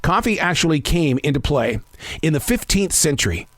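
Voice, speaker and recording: This podcast host is a man in his fifties with a fairly high, sing-song voice, a moderate pace, and a fairly bright tone, recorded without echo. Speaking alone and casually, he wanders through self-reflective thoughts and keeps stumbling into fresh starts.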